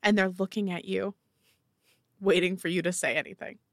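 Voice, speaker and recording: Woman game master, mid-pitched, loose descriptive narration, dry close mic. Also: fairly even intonation, normal speed, no echo. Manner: casual, descriptive, many fillers.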